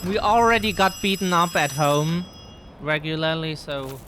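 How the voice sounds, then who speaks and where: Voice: medium pitch, steady tone, unhurried, background noise. A German-accented streamer, a native German speaker, chatting and explaining things to viewers during live gameplay.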